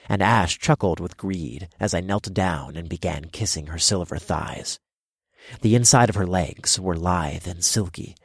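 A man narrating a first-person erotic story in low, measured storytelling. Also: breathy edge, dry recording, studio quality.

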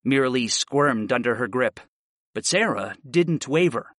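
A man narrating a fantasy audiobook in the first person, telling it in a steady, expressive way. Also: mid-range voice, measured pace, no echo, clean studio sound.

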